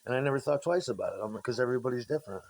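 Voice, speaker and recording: Very fast and expressive, with a darkish medium-pitched voice, a man rattles through stories about former bandmates. It's casual and meandering, heavy on swearing and frequent restarts.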